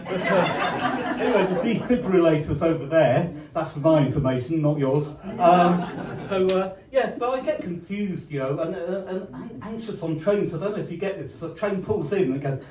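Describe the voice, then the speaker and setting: An older man doing deadpan stand-up one-liners with rambling asides in a pub venue. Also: high voice, normal speed, crowd noise. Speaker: comedian. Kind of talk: stand-up comedy with comic songs. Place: live comedy venue, pub. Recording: roomy live gig recording from a distance. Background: guitar accompaniment.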